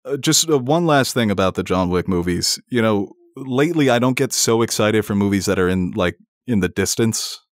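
A man's voice: fairly low pitch, expressive, normal speed, hardly any pauses, dry recording, clean studio sound. A man co-hosting a podcast, chatting casually and enthusiastically about films, often laughing and swearing. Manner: enthusiastic, laughs while talking. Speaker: podcast co-host. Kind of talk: casual film discussion.

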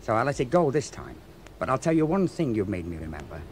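Radio play: man voicing a taunting, threatening able seaman, middle pitch, animated delivery. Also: fast, slight background noise, natural voice. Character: menacing, grudge-holding male able seaman.

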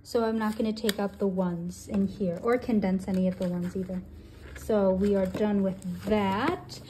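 A woman in her twenties, a budgeting channel host, counting cash aloud and thinking out loud as she sorts it. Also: mid-range voice, moderate pace, a little hiss or hum. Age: 20s. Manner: counts bills aloud in steady runs; thinks aloud, with soft hesitations.

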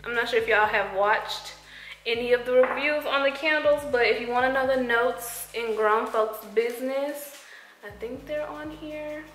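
A woman's voice: fairly high pitch, normal speed, soft background music. Gushing woman vlogger in an echoey room. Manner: excited, gushing, talks straight to viewers. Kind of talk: casual vlog chat. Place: at home.

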